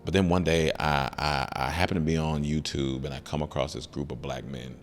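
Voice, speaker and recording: A young man chatting casually on a podcast as a guest, telling an animated story and acting out the voices of the people in it. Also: extremely low pitch, a little fast, soft background music. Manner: animated storyteller who acts out quoted voices.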